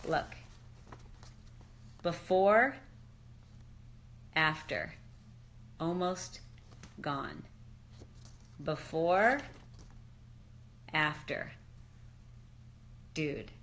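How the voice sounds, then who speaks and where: Animated woman on a live chat. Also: sits low, drawn-out words, pauses often. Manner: animated and exclamatory, often says "dude". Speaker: fitness and lifestyle expert. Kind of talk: excited casual live chat.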